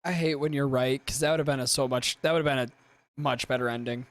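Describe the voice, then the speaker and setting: A man's voice: mid-range voice, fairly even intonation, brisk, fairly bright tone. A man who is a guest on a podcast, talking casually and bantering with some swearing. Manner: laid-back, swearing banter.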